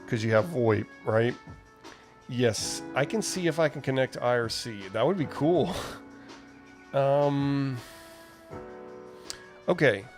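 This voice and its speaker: A man hosting a live stream, chatting casually and reading viewer messages aloud as he answers them. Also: mid-range voice. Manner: rambling, reads viewer chat aloud and answers it. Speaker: livestream host. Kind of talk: casual live chat while using a computer.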